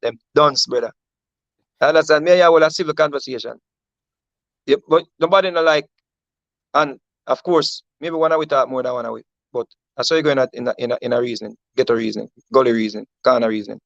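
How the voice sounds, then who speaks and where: A man with a Jamaican accent calling in to a debate show, talking in fast, emphatic patois. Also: medium pitch, vocal fry, no echo, lo-fi sound. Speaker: caller. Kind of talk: phone-in debate.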